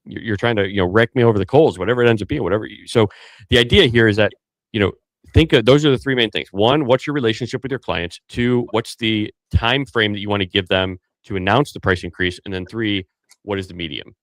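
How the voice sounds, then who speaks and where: A man's voice: on the low side, quick pace, no room sound. A man co-hosting a business podcast, giving emphatic casual advice, listing points and rephrasing as he goes.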